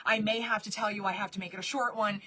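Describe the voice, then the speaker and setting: A woman running a casual live stream for her shop, chatty and quick to laugh. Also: medium pitch, fairly even intonation, bright, forceful tone, slightly rough.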